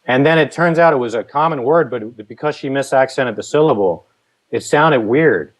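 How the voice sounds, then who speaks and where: A man chatting casually about songwriting, relaxed and a little rambling. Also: medium pitch, normal speed, rough recording. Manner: relaxed, rambling with restarts and fillers. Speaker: songwriting guest. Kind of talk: casual conversational advice.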